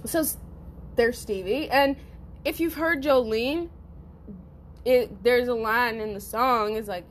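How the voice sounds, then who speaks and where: Brief: a woman podcast host spinning a story, salty and lively, voice on the higher side. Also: slow pace, long pauses, a little hiss or hum. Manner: profane, animated, acts out quotes; addresses listeners as y'all. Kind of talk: casual storytelling monologue.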